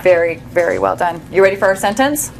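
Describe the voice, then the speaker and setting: Encouraging reading teacher with children. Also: female voice, lowish voice, fairly quick, creaky, a crowd in the background. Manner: encouraging, praising, gently corrective. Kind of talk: small-group reading lesson. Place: classroom. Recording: noisy classroom recording. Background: children talking nearby.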